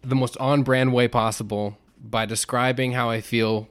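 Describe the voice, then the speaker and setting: Animated man telling a story on a podcast. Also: medium pitch, moderate pace, clear, resonant tone. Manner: animated storyteller, acts out quotes with shouts. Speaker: podcast co-host. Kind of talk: casual podcast chat.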